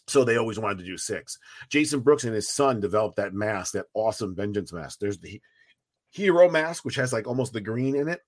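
A man, a fan-film writer and producer, talking as a podcast guest in a rambling, profane, animated way, with many restarts. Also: on the low side, a little fast, dry recording, clean studio sound. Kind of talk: casual podcast interview.

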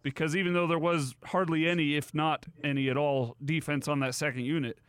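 A chatty man hosts a sports talk radio show, laughing easily between calls. His voice sits a bit high and sounds dry and close. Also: flat delivery, fairly quick, fairly bright tone, clean tone, no room sound. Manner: chatty, laughs often, reads phone number.

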